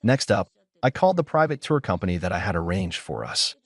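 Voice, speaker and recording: A man narrating a first-person story in a steady, measured way. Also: sits low, breathy edge, no room sound.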